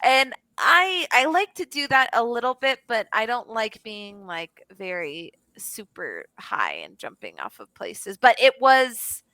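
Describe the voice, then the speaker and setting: A woman's voice: fairly high pitch, very animated, a little slow, few pauses, pushed and bright, no echo. A young woman from Florida tutoring English over a video call, chatty with many fillers and restarts. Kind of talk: casual online lesson chat.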